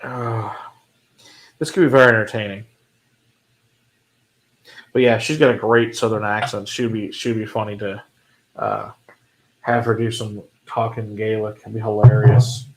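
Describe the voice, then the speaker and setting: A man's voice: lowish voice, fairly even intonation, measured pace, long pauses. A man hosting a whiskey livestream, chatting casually with viewers, answering their comments and laughing often.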